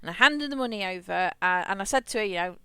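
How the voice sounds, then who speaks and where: Fast-talking and expressive, she has a medium-pitched voice that's sharp, clear and resonant in a dry recording. She's a streamer chatting over her game, stumbling through a rambling story with frequent restarts and repeated words.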